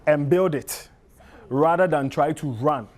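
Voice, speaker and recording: A man's voice: on the high side, a little slow. A young man, moderating a panel debate, playful, prompting guests and finishing their sentences. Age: young adult. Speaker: host.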